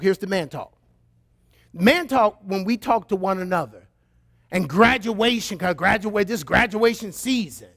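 A male pastor preaching a sermon, reading scripture and turning to playful, animated asides to the congregation. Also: high-pitched, normal speed, vocal fry.

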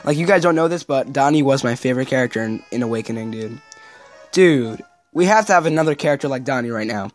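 A man hosting a let's-play video, giving excitable, casual, cussing commentary. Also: medium pitch, fast, faint music behind. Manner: excitable, swears, says yo and dude a lot. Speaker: gaming video host.

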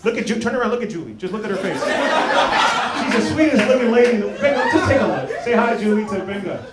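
A male stand-up comedian from Maryland doing loud, laughing crowd work and teasing audience members. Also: high voice, expressive, fast. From Maryland, USA. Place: comedy club stage. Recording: noisy live club recording.

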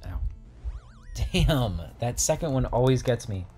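A young man co-hosting a gaming livestream, chatting casually while he plays and joking with a deadpan, dry manner. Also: medium pitch, a little slow, soft background music. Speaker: co-host playing the game on stream.

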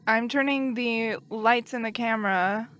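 A woman's voice: fairly high pitch, takes it slowly, a bit bright. A woman co-hosting a casual podcast with her siblings, playful, reciting a rhyming poem with theatrical flair. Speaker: podcast co-host.

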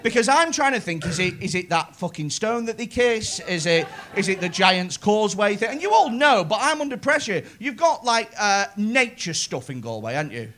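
A man's voice: high-pitched, sing-song, moderate pace, hardly any pauses, fairly bright tone. A male stand-up comedian doing teasing, sweary crowd work from a comedy club stage on a handheld mic. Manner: teasing, sweary, riffing with the audience. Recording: live club with crowd laughter.

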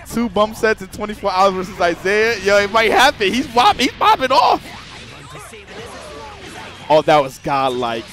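A young man commentating a fighting game live, excitable and joking with chat, swearing freely. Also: high-pitched.

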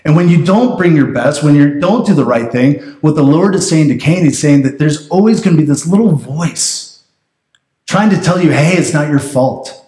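High-voiced pastor preaching in a roomy church. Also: male voice, expressive, normal speed, dark tone. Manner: conversational preaching, asks the congregation "right?". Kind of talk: sermon. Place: church sanctuary.

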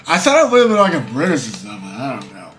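A man's voice: mid-range voice, wildly swooping pitch, fast, fairly bright tone. A man streaming live, chatting casually in a tired, rambling way and stumbling over his words.

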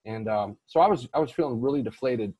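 Brief: man, husky voice, dry close sound, rambling storyteller guest. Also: medium pitch, fast, dark tone, no room sound. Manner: rambling with frequent restarts and fillers. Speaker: guest real estate investor. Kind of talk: casual storytelling interview.

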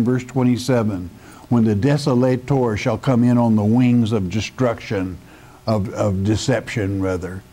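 A pastor with a dark, mid-range voice teaches the Bible verse by verse in a sermon. He speaks emphatically and addresses the listener directly, as a friend.

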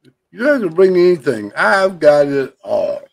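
A man's voice: a little high, big pitch swings, moderate pace, vocal fry. A man calling into a live show, chatting in a blunt, offhand way. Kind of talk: casual chat.

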